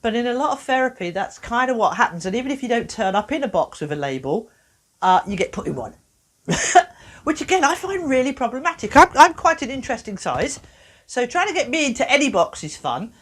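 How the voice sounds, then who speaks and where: Lively chatty woman therapist. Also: fairly high pitch, fairly quick. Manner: chatty, playful, expressive, self-mocking humor. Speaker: therapist and workshop speaker. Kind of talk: lively workshop talk.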